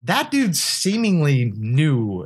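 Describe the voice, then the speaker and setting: Male podcast host, crude storyteller, animated intonation. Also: a little high, slow pace, breathy edge. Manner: profane, animated storytelling with laughter. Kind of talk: casual storytelling chat.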